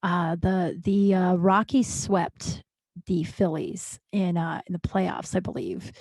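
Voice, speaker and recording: A woman's voice: lowish voice, fairly even intonation, slow pace, darkish tone, dry recording. A woman in her thirties from Colorado, hosting a podcast and telling a personal story in a candid, self-mocking way with plenty of swearing. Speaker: podcast host. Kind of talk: casual storytelling monologue.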